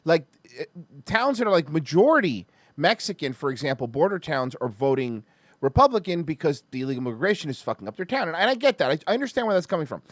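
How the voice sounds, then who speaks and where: A podcast host with a high, leaping voice tells stories in a casual chat, talking fast and animatedly with plenty of profanity, fillers and restarts. The recording is close and dry, with no room sound at all.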